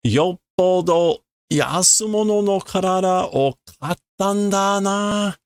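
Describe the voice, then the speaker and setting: A man voicing a fretful, exasperated young boy from a comic, reading his lines slowly and carefully. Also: sits high, clean tone, no room sound, studio quality, pitched above the performer's own voice.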